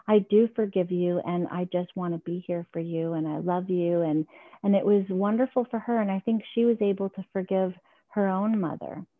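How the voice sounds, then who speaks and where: A woman's voice: fairly low pitch, no room sound. A woman guest telling a personal story in an earnest, reflective, heartfelt way. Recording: tinny phone-line sound, dry.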